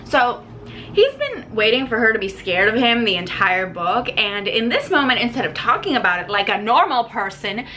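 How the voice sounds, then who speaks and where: A woman's voice: on the high side, big pitch swings, fairly quick, few pauses, bright, forceful tone, slight background noise. A young woman ranting in a book review vlog, swearing freely and reading passages aloud from the book.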